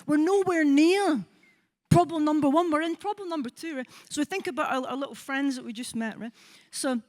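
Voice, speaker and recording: A Scottish woman in her forties, a psychologist giving a conference talk, lively and engaging, often checking in with the audience. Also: high-pitched. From Scotland. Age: 40s. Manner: lively, asks the audience with frequent "right?" and acts out quoted voices. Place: conference hall.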